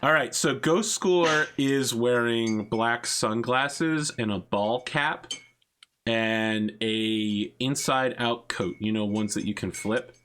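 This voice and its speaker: A young man runs a tabletop game as game master, rambling along in a casual, filler-heavy way. His pitch sits in an ordinary middle range, and he laughs often between descriptions. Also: takes it slowly, a bit bright, a little hiss or hum.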